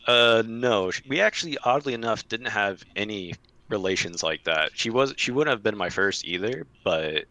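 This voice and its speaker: Deep-voiced young man from Florida, hesitant. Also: animated, normal speed, sharp tone, no echo. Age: 20s. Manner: hesitant, lots of "like" fillers. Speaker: call-in guest. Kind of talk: casual chat.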